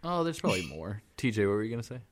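A man with a lowish voice guides a casual gaming conversation. He recaps the plot in a wry, offhand way, joking and swearing freely. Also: very animated, rapid-fire. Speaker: podcast co-host narrating a game playthrough.

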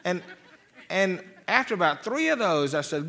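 A man's voice: high-pitched, moderate pace, a bit bright. A man preaching a sermon as a pastor, folksy and rambling, with frequent restarts and repeated words. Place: church.

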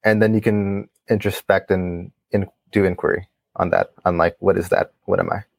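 A man's voice: sits low, steady tone, normal speed, vocal fry, no echo. A man who is a coaching client talking casually and thoughtfully as a guest. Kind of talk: casual podcast conversation.

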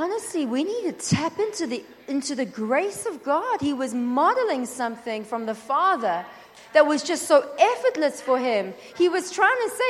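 A woman preaching at a conference, lively and acting out quoted prayers and dialogue. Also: sits high, moderate pace. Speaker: conference speaker. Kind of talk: sermon. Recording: long hall reverb.

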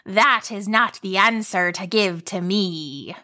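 Leaf monster, put on by a woman, gruff, slow drawl, old-fashioned rhymes, bright tone. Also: mid-range voice. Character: rhyming male leaf monster, gruff and proud.

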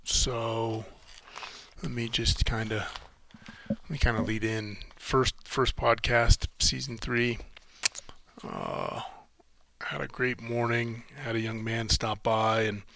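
A man hosting a solo podcast, rambling in halting, profane restarts while emotionally shaken and close to tears. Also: mid-range voice, flat delivery, vocal fry, bright, forceful tone. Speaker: podcast host.

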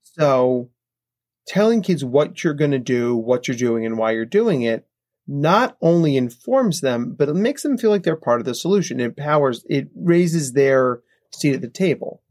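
A man's voice: mid-range voice, lively intonation, normal speed, a little mellow, no echo, studio quality. A man, a psychologist guest on a podcast, explaining his points and tagging them with "right?". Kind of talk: podcast interview answers. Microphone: podcast microphone.

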